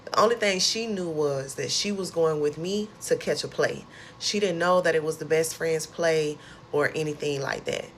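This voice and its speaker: Low-voiced woman telling her story. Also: moderate pace, a little hiss or hum. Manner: animated, expressive retelling with dialect and slang. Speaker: storyteller recounting her own survival. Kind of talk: casual storytime vlog.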